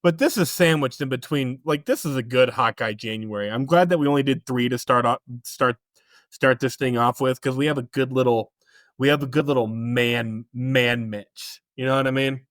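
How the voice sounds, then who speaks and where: A man's voice: medium pitch, normal speed, fairly bright tone, no echo, studio quality. A man co-hosting a movie podcast in casual chat, with a blunt, teasing manner. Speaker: podcast co-host.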